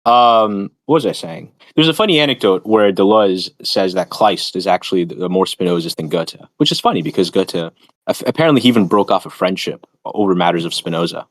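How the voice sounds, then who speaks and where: With a deep voice and a fairly quick delivery, a man hosting a stream muses casually on philosophy and academia. He wanders, digresses and lectures, using many fillers, and the recording carries no room sound.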